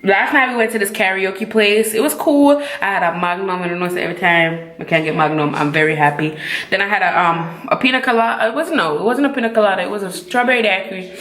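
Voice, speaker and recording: A woman's voice: medium pitch, fast, fairly bright tone, echoey room. A woman with a Caribbean accent chatting casually in a travel vlog, laid-back, trailing off into fillers. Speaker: vlogger. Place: outdoors at a resort.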